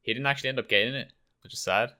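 A young university student in casual chat, relaxed and swearing casually. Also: male voice, medium pitch, very fast. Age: young adult.

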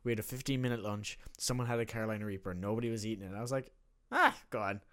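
A young man in casual chat, telling an animated story and laughing often. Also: on the low side, rapid-fire.

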